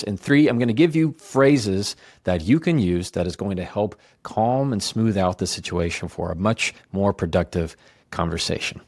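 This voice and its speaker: A man talks straight to his listeners like a coach, leaning hard on key words and letting his voice swing up and back down. His voice sits a little low. The sound is dry and close, with no room around it. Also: dry recording. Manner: emphatic, coaching tone with lively ups and downs. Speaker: podcast host. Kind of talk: conversational advice talk.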